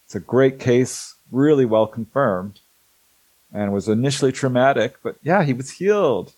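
Animated storytelling man, dry sound. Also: mid-range voice, normal speed, no echo, rough recording. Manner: animated storyteller who acts out quoted people, laughs often. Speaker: host, author on alien abduction cases. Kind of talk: casual storytelling talk.

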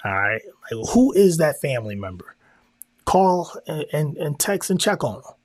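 A man's voice: fairly high pitch, sing-song, moderate pace, no room sound, clean studio sound. A man hosting a faith-based family podcast, talking casually in slang and repeating himself. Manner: conversational, slangy, repeats himself, sometimes drops into prayer. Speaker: podcast host.

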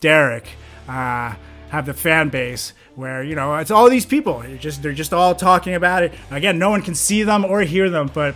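A man's voice: medium pitch, a bit bright. A man co-hosting a comedy podcast, joking sarcastically and mock-seriously. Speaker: podcast co-host. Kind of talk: casual comedic banter.

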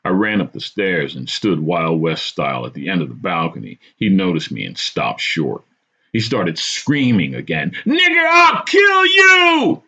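Deep husky man telling a story. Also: sing-song, moderate pace, fairly bright tone, muffled recording. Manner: dramatic, vivid storytelling. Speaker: podcast host. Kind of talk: storytelling narration.

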